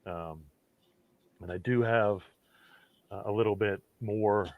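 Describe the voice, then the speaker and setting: A man's voice: fairly low pitch, slow pace, no room sound. A man hosting a casual talk show, rambling along with lots of fillers and restarts. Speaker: host of a hemp talk show. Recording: tinny phone-like dry sound.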